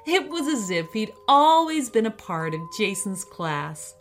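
Slow, expressive woman reading a kids' story. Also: medium pitch, soft background music. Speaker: narrator. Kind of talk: children's story narration.

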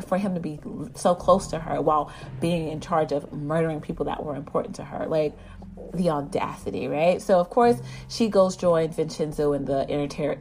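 A woman giving a casual, animated episode recap. She rambles with many fillers and keeps acting out the characters' lines. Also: low voice, slight background noise. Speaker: drama recap vlogger.

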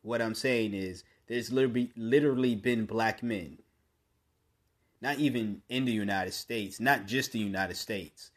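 A man hosting his own podcast, speaking in a blunt, opinionated monologue that often restarts mid-sentence and rises into forceful bursts. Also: on the low side, measured pace. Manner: conversational with frequent restarts. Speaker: podcast host.

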